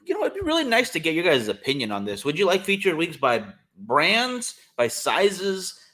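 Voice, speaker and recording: A man's voice: fairly high pitch, huge pitch swings, moderate pace, sharp tone. Casual podcast co-host, man, talks loosely and keeps going, lots of "um"s, easygoing and eager. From California. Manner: rambling, enthusiastic, many fillers. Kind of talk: casual chat.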